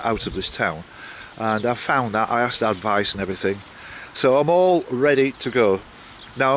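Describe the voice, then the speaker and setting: A man's voice: mid-range voice, fairly bright tone, slight background noise. An older man talking in a rambling, chatty vlog style as he sets off on a long walk and chats with locals, full of asides and restarts. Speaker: walking vlogger. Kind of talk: casual vlog chat.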